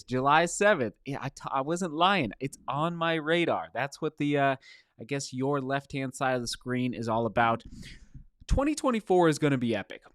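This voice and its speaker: A man's voice: on the high side, smooth, dry recording, clean studio sound. A middle-aged man hosting a casual live Q&A stream from a motel room, greeting viewers by name in an upbeat way.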